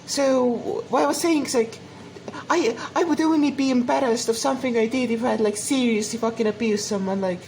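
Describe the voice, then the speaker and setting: A woman's voice: fairly high pitch, a little fast, a little mellow, slight background noise, poor audio. A young woman vlogging from home, rambling in a crude, repetitive way and swearing often. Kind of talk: rambling solo vlog.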